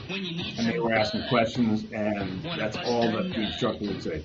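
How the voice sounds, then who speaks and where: A man's voice: on the low side, lively intonation, unhurried. A man casually retelling a story from memory, rambling and hedging as he goes, acting out the people in it. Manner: rambling, recounts from memory with hedges. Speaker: host. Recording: dull lo-fi audio with music behind.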